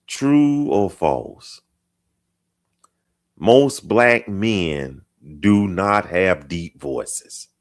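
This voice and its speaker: A deep-voiced man hosts a live chat show, casually reading viewer comments on a live stream. He speaks slowly, drawing words out and repeating phrases, in a slightly mellow voice.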